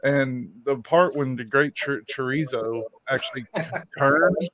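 A man's voice: mid-range voice, takes it slowly, fairly bright tone, a little hiss or hum, rough recording. A man on an interview panel, chatting in a laid-back way, often saying "like" and swearing now and then. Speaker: show panelist. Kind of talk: casual interview chat.

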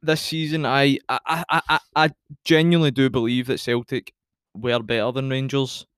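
Young scottish man, podcast co-host, casual rambling chat, frequent laughter, smooth clear voice, dry close sound. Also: mid-range voice, fairly even intonation, normal speed, a bit bright, no echo. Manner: chatty, laughs a lot, rambling.

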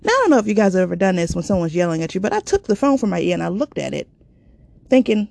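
A woman's voice: medium pitch, big pitch swings, very fast, gravelly, darkish tone, no room sound. A woman telling a personal story in a raw, candid and profane way.

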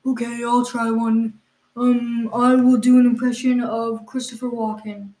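A woman co-hosts a comedy podcast in a slightly high, mellow voice, delivering flatly and a little slowly. Her improvised banter involves questioning her partner in mock exasperation, with plenty of fillers, recorded in an echoey room.

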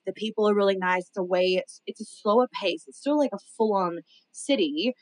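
A woman's voice: mid-range voice, a little fast, no echo, poor audio. A woman co-hosting a podcast in casual chat, talking freely with frequent swearing and laughs. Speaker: podcast co-host. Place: home in the American South.

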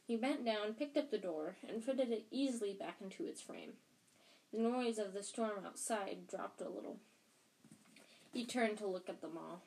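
Woman amateur audiobook reader, middle pitch; casual, unpolished read with restarts. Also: a little mellow. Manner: plain, unpolished reading with restarts. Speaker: audiobook reader and podcast host.

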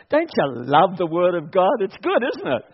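A man preaching to his church congregation in a high, lively voice that swoops up and down as he urges them on and laughs along. The sermon recording sounds dull and lo-fi. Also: husky. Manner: animated, exhorting, laughs often. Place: church service.

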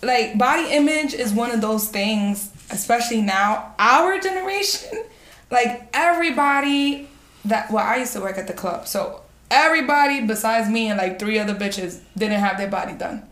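A young woman with a fairly high voice talks bluntly and animatedly, telling stories with no filter. She speaks casually, and her voice rings in an echoey room. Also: moderate pace. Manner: blunt, raw, animated storytelling with bursts of laughter. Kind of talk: casual chat.

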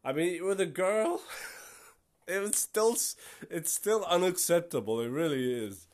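A man's voice: sits high, expressive, measured pace. A young man hosting a casual solo podcast, rambling and self-deprecating with many fillers. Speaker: podcast host.

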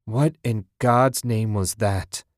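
A male narrator voicing a groggy, dismissive husband who grumbles gruffly in a spoken story. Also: lowish voice, takes it slowly, dry recording, clean studio sound. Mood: grumbling. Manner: gruff, grumbling, matter-of-fact.

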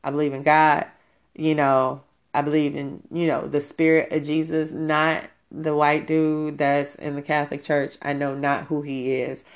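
A woman with a notably low voice speaks in a blunt, candid way. She talks casually and swears freely, as if chatting with a friend. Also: completely flat delivery, measured pace. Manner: blunt, profane, conversational.

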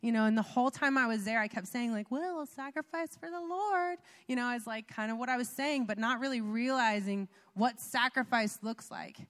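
Fairly bright and on the high side, her steady voice moves a little fast with few pauses. The young pastor's wife gives a chatty personal testimony in the middle of a sermon, filled with fillers and little laughs, and the church sanctuary's reverb is audible.

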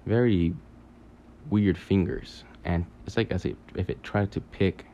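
A man telling a long dream story in a halting, rambling way, full of fillers, restarts and casual swearing. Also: sits low, warm tone, a little hiss or hum. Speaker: podcaster recounting a dream.

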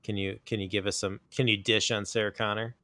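A man's voice: fairly low pitch, flat delivery, a little fast, bright, forceful tone, no echo. Dry-voiced man steering a podcast. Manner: sarcastic, steering the conversation. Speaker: podcast host. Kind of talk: casual movie discussion.

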